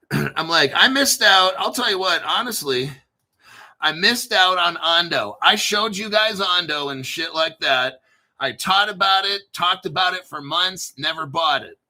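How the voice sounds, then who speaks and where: A man in a loose, unscripted crypto stream, jumping between jokes, stories and coin talk with plenty of swearing. His voice is very bright and sharp, sitting a touch higher than most men's, and he takes his time with his words. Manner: rambling, profane, jokey. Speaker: crypto YouTuber. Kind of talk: casual unscripted livestream talk.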